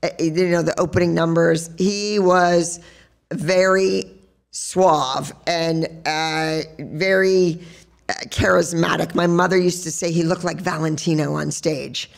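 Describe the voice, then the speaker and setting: A woman who hosts a podcast and teaches dance, telling stories in a chatty, animated way at a live show in a sports bar. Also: on the low side, slow, gravelly. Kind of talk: storytelling on stage at a live podcast event.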